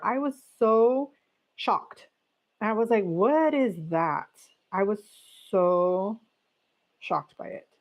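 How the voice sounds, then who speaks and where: A woman hosting a casual chat stream. She reads aloud, reacts with strong opinions, laughs often and talks straight to her viewers. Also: a little high. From California. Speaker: livestream host.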